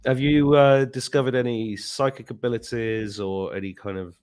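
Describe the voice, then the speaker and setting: A man's voice: medium pitch, moderate pace. A man hosting a podcast, chatting casually and acting out the voices of people in his story. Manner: animated, acts out quoted voices. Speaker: podcast host.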